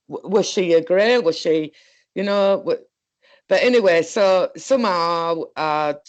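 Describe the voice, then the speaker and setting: A woman's voice: lowish voice, darkish tone. A woman with a Northern English accent telling a story in casual chat, rambling along and laughing often. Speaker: co-host.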